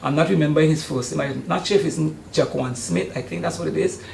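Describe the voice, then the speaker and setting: A man's voice: on the high side, fairly quick, creaky, a little mellow, a little hiss or hum. An older man, chatting in an interview about the youth sports camp he runs, with many hesitant ums. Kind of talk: casual interview. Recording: roomy studio sound.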